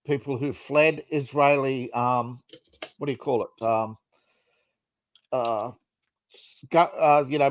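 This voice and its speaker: A man's voice: medium pitch, no room sound. A man talking on a casual podcast in a dry, close-sounding room. He rambles through long explanations, stopping for fillers and restarting his sentences. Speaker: podcast co-host.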